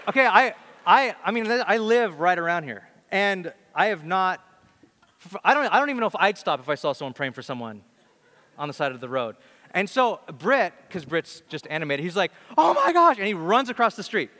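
A man preaching a sermon and telling a story in an animated, conversational way, with frequent restarts. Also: high-pitched, normal speed, a faint crowd. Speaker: pastor. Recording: long hall reverb.

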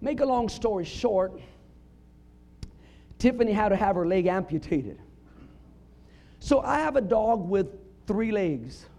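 Middle-aged guy preaching, high voice, funny stories then big shouty points. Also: expressive, unhurried, gravelly, pauses often. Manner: storytelling with punchlines, rising to emphatic shouts. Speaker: pastor. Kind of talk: sermon.

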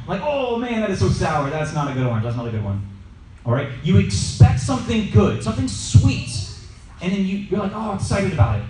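A man's voice: a little high, a little hiss or hum. A man casually teaching a Bible study to a group, telling stories and asking the listeners questions. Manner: lively, storytelling, asks the audience questions. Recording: echoey room, mic at a distance.

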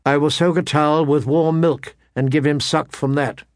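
A man's voice: fairly high pitch, steady tone, normal speed, no room sound, clean studio sound, lightly acted. A man voicing an eager, stubborn teenage heir to a lord, firm and commanding, in an audiobook reading. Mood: insistent. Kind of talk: audiobook character voice.

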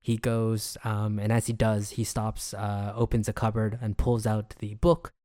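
A man with a lowish voice talks through a TV plot in loose, chatty fashion, padding his sentences with "like" and "um". The sound is dry and close, with no room around him. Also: level tone, measured pace, warm tone, no echo. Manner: rambling, filler-heavy retelling. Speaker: podcast co-host. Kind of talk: casual episode recap.

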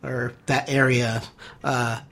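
A woman co-hosting a podcast in casual chat, reading listener messages and teasing her partner in a dry, relaxed way. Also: extremely low pitch, slow, gravelly. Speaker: podcast co-host.

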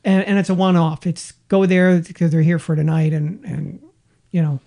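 A man co-hosting a podcast, telling work stories in a chatty, animated way. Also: fairly high pitch, moderate pace, creaky. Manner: chatty storyteller, acts out quotes with laughs. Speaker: podcast co-host. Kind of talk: casual chat.

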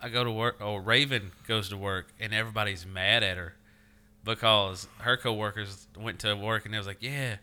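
Man, podcast co-host, very bright, smooth voice, animated storytelling. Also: fairly low pitch, moderate pace. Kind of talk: casual chat.

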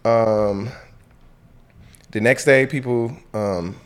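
A man co-hosting a casual chat, telling a travel story in an animated, joking way. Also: fairly low pitch, extremely slow, smooth. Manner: animated storyteller, laughs while mimicking others. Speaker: podcast co-host.

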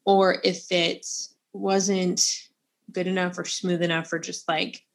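A woman's voice: lowish voice, flat delivery, slow. Playful woman podcast co-host. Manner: playful, laughs often. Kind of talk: casual book chat.

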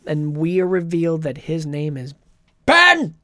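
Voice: medium pitch, fairly even intonation, mellow, dry recording, clean studio sound. Podcast host recapping a film. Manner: retells scenes with quick impressions of characters. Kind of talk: casual movie recap.

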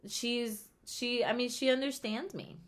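A young woman co-hosting a casual chat podcast with a friend, joking and playful. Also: measured pace. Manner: playful, animated, puts on squeaky old-lady voices. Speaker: podcast co-host.

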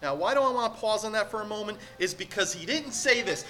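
A man's voice: high-pitched, lively intonation, fast talker, few pauses, pushed and bright. A man preaching a sermon to a congregation, earnest and emphatic, asking the room rhetorical questions. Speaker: pastor.

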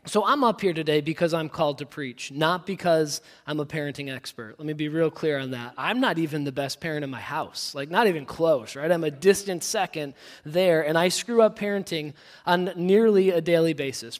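A man's voice: fairly high pitch, normal speed, big-room sound. A man in his thirties preaching a sermon as a pastor, conversational and self-deprecating, telling family stories with casual asides.

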